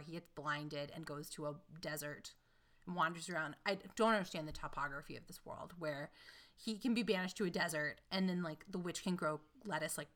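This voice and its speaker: Casual female co-host, bright voice, animated and wry. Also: on the low side. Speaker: podcast co-host. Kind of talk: casual chat retelling a fairy tale.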